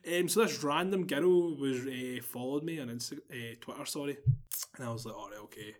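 A man's voice: medium pitch, a little fast. A young man with a Glasgow Scottish accent telling a long story in casual chat, laughing and acting out what people said. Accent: Glaswegian Scottish. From Scotland. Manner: animated, laughing, swearing, acts out quotes. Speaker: podcast guest.

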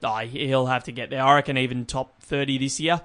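A man's voice: mid-range voice, fairly even intonation, a little fast, a bit bright. Rambling man talking tennis. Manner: rambling, many restarts and "look" fillers. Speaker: podcast host. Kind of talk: casual sports chat.

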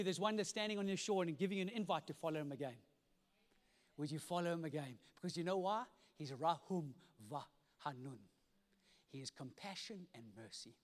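High-voiced pastor in a hall. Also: male voice. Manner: animated storytelling, acting out characters with dramatic swings from loud to hushed. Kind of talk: sermon. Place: church hall. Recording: reverberant church hall.

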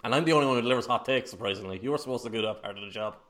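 A man co-hosting a casual podcast, talking rapidly and teasing his partner with frequent laughs. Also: mid-range voice, fairly bright tone. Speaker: podcast co-host. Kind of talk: casual chat. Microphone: podcast microphone.

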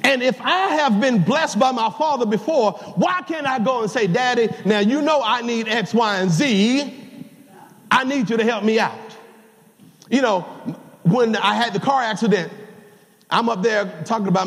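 An older man preaching a sermon as pastor, folksy and storytelling, rising to shouts at the high points. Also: moderate pace. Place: large church sanctuary. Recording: live church sound with long hall reverb.

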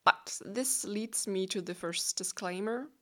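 A woman in her twenties with a Danish accent, hosting a relaxed solo podcast in a chatty, playful, self-deprecating way; English is not her first language. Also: mid-range voice, a little slow. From Denmark. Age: 20s. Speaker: podcast host.

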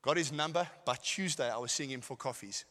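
Bright-voiced preacher in a hall. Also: male voice, mid-range voice, a little fast. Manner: storytelling preacher, shifts from shouting to quiet asides. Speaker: pastor. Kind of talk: sermon. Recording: hall with long reverb.

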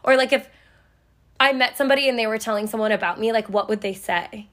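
A woman's voice: on the high side, quick pace, fairly bright tone. A young woman co-hosting a podcast, chatting casually with lots of "like" fillers, rambling and emotional. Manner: rambling, many "like" fillers, gets choked up. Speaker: podcast co-host. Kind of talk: casual chat.

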